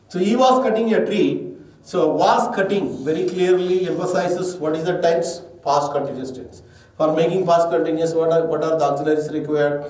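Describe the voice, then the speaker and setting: A man's voice: a little high, moderate pace, darkish tone. A male teacher with an Indian English accent, giving a grammar lesson step by step and asking and answering his own questions. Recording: echoey room, distant mic.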